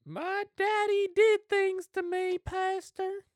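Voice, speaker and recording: Tiny squeaky boy voice, really high, whiny pleading kid caller, dry close mic. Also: little pitch movement, slow pace, no room sound. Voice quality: squeaky falsetto. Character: timid twelve-year-old boy caller, plaintive.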